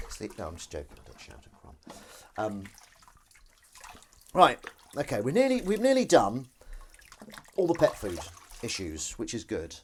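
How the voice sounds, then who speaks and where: This man streams casually from his home kitchen, washing up and addressing his viewers and cat in rambling, self-deprecating talk. His medium-pitched, darkish voice swings hugely in pitch, unhurried and broken by long pauses, with a little hiss or hum in the background.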